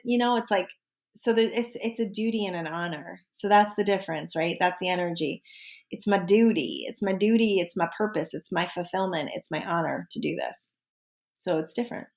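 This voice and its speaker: Woman, forties, podcast host, casual monologue, lively exclamations. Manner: animated, with sudden high exclamations and asides. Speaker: podcast host and life coach.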